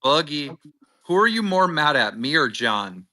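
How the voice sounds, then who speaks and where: A man's voice: fairly high pitch, sing-song, unhurried, pushed and bright. A man questioning a friend on a live stream and pushing him for an answer. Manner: pressing, questioning.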